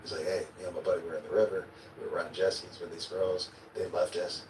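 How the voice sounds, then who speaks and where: Heard in a noisy, echoey replayed clip from a distance, an interview guest with a deep voice talks fast in a flat delivery. He tells a vivid story casually, acting out what he said and now and then swearing or chuckling.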